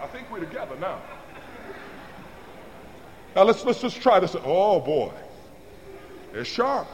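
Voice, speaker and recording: A man preaching to his congregation with a high, lively voice that climbs and swoops from line to line. He calls out for answers and acts out little everyday scenes, and his words ring through a big hall with a long reverb. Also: normal speed, pauses often, a faint crowd, slight background noise. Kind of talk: sermon with call-and-response. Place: large hall or church.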